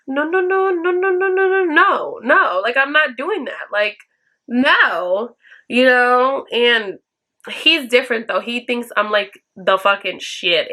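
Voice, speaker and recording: Blunt, bright-voiced woman vlogger. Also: on the high side. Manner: blunt, profane, emphatic; acts out quoted lines in a raised voice. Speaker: vlogger answering viewer questions. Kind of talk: casual advice chat to camera.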